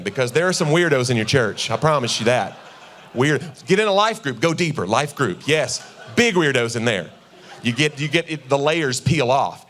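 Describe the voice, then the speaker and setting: A man in his forties, his voice on the high side and a bit bright, performs comedy on a church stage. Talking conversationally to the live audience, he acts out little scenes with his wife, voicing both of them.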